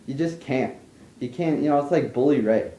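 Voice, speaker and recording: A man's voice: mid-range voice, normal speed, dark tone. A young man giving a blunt, profane, rambling rant about wrestling, full of fillers. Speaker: wrestling commentator ranting online. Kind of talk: casual rant. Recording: echoey room.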